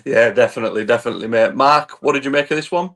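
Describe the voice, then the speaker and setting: A man's voice: medium pitch, rapid-fire. A man hosting a casual football podcast who chats easily and hands the floor to his co-hosts with plenty of fillers. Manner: relaxed, hands over to co-hosts with filler words. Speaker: podcast host.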